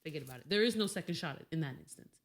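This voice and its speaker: Woman, podcast guest, frank, exasperated, swears freely, expressive pitch. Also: rapid-fire. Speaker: podcast guest, host's girlfriend. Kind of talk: casual chat.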